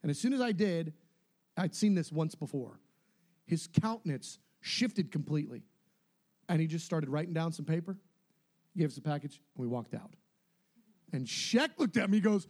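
A high-pitched young man talks at a moderate pace as he casually recounts his mission trip. He's animated throughout, shifting his voice to act out the quotes of other people.

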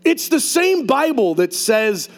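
A man preaching a sermon to his congregation as pastor, telling personal stories in an animated way. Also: very high-pitched, slow, faint music behind. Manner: animated storyteller acting out voices.

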